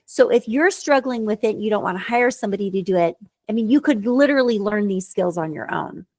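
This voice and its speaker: A woman's voice: medium pitch, lively intonation, a little fast, a little mellow, no room sound. Earnest woman tutor explaining. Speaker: tutor and podcast co-host. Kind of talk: casual educational chat.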